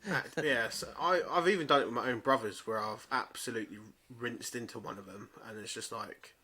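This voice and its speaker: A man's voice: medium pitch, fairly quick, bright, forceful tone, husky. A young man co-hosting a podcast, chatting in a laid-back, sweary way with chuckles. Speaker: podcast co-host. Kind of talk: casual chat.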